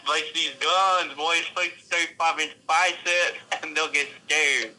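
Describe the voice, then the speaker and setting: A man's voice: fairly high pitch, fairly even intonation, a little slow, a loud crowd. A man calling into a show, taunting and boasting in a trolling way, heard over a phone line. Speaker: caller.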